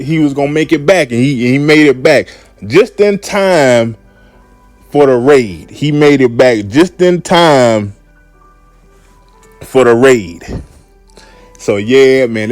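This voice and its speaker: A man's voice: mid-range voice, unhurried, dry recording, soft background music. A man hosting a casual solo podcast, laid-back and repetitive, often saying "man". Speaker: podcast host.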